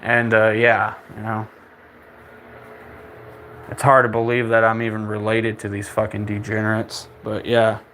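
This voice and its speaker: A man's voice: on the low side, monotone, a little slow, long pauses, fairly bright tone, a little hiss or hum. A young man in a casual podcast monologue. He rants with constant swearing and scorn, rambling and stammering as he restarts his sentences. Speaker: podcast host.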